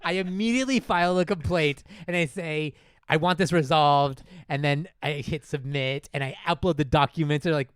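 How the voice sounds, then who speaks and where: A man hosting a podcast, telling a comedic story in a casual, animated way and laughing often. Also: on the high side, moderate pace, clean tone, dry recording, studio quality. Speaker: podcast host.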